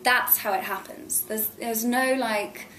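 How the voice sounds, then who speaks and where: A woman's voice: a little high, fairly even intonation, slow pace, a bit bright, soft background music. A young adult woman, an actress, talking chattily and effusively as a guest in a candid press interview. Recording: roomy echo.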